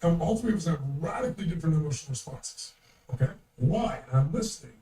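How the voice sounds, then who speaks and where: Older male storyteller, high but mellow, blunt and emphatic, roomy and distant pickup. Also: animated, fast talker. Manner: emphatic, blunt, swears freely. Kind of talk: anecdotal storytelling.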